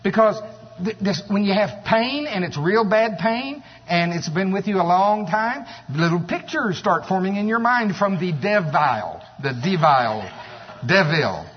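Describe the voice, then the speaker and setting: A man preaching with a high, husky voice that swings from low and quiet to loud exclamations. The sound is dull, with a long reverb trailing behind him in the hall. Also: a little slow. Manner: animated, exclaiming, mocking voices. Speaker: pastor. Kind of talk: sermon.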